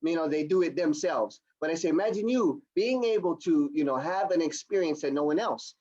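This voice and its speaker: A man giving an energetic, repetitive sales training demo on a video call. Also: fairly high pitch, a little fast, muffled recording. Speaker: product demonstrator. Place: home or office on a video call.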